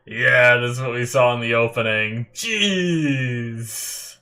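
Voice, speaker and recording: A man thinks out loud as he watches an anime episode, with sudden exclamations and teary, emotional moments. His voice is bright and a little tense, and he talks at an unhurried pace, close to a desk mic. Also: medium pitch. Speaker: anime reaction host. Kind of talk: live reaction commentary.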